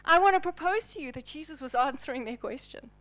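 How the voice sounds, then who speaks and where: A woman's voice: high-pitched, lively intonation, quick pace, a bit bright. A woman preaching a sermon to a congregation, telling Bible stories dramatically and dropping to a near whisper at the key moments.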